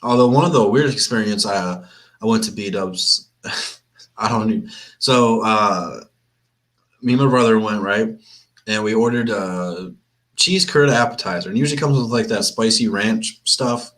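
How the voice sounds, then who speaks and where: A young man from Flint, Michigan hosts a sports watch-party livestream, his voice on the low side, a bit bright, and moderately paced. He rambles casually, restarting sentences and saying things more than once in an easygoing, talkative way.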